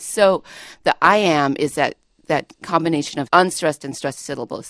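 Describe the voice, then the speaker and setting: A woman poet with a low, dry studio voice talks eagerly as a radio guest. She explains poetic rhythm with enthusiasm and reads short poems aloud. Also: a little fast, no echo.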